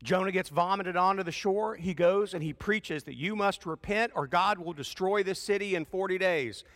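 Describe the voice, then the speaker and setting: A man preaching a sermon in a church, lively and emphatic, with folksy asides between loud peaks of emphasis. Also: sits high, normal speed, in a large hall. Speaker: pastor.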